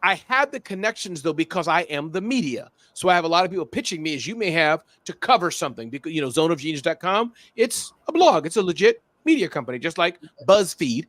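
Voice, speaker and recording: A man with a high voice talks on a podcast as a guest, in a dry, close-miked sound. He is lively and playful and tells stories with sound effects. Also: fast talker, hardly any pauses, dry recording. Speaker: guest, small business expert. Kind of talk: animated podcast conversation.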